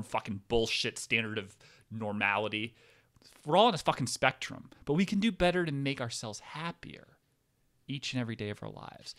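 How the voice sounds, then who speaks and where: This vlogger's voice is medium-pitched and a touch bright. Seated in a chair indoors, he rambles through a profanity-laced rant to his audience, often interrupting himself mid-thought.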